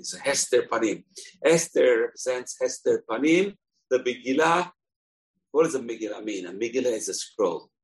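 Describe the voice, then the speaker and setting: A man teaching a Torah lesson in an animated way, asking rhetorical questions aloud. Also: mid-range voice, low-quality recording. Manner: animated, rhetorical questions, acts out voices in a joke.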